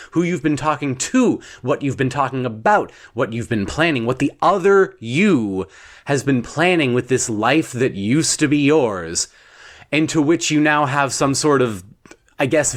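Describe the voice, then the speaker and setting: Slow, lilting man telling a bedtime story. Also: medium pitch. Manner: rambling, self-interrupting, wry deadpan asides. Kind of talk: surreal second-person bedtime story narration.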